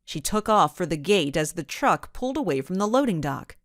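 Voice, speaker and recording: A woman narrating a children's storybook in an expressive, measured way. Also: on the low side, no room sound, clean studio sound. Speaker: audiobook narrator.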